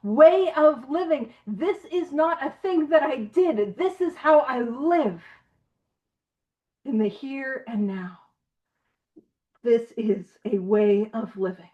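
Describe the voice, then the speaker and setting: High-voiced, animated woman leading a study. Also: takes it slowly, long pauses, muffled recording. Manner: animated, playful, laughing asides, puts on silly voices. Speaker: study group leader. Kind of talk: teaching a recovery book study online.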